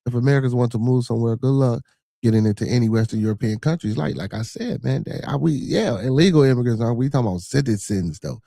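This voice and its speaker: A man's voice: mid-range voice, fast talker, vocal fry, mellow, no room sound, studio quality. A man with a Chicago accent hosting a livestream, joking and cursing loosely while reading chat comments aloud. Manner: loose, profane, joking banter with frequent filler. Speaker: livestream podcast host.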